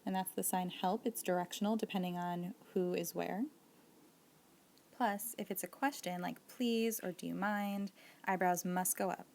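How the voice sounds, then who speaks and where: A woman's voice: lowish voice, fairly even intonation, moderate pace, creaky, darkish tone, slight background noise. A woman teaching a casual video lesson, explaining patiently and giving spoken examples. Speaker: sign language teacher.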